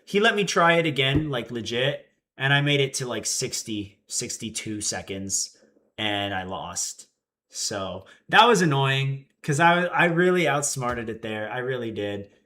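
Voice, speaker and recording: A young man in his twenties chatting casually on a livestream and telling an animated story, acting out the quotes. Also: mid-range voice, unhurried. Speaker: streamer.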